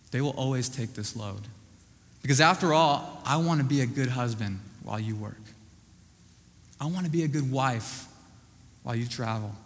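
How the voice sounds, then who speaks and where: A man preaching a sermon, emphatic and repetitive, often dropping to a hushed voice at the ends of lines. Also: mid-range voice, in a large hall.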